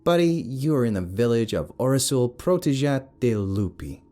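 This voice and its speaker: A male narrator voicing a brash, teasing young woman who works as a tour guide, bossy and sharp-tongued. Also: mid-range voice, animated, normal speed, faint music behind, voice pushed up, natural voice.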